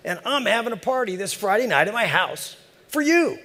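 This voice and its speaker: A man voicing an old grizzled Alaskan backwoods neighbor in a told joke, loud and folksy. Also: high-pitched, big pitch swings, brisk, voice pushed up, exaggerated voice. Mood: hearty. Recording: echoey conference hall over PA.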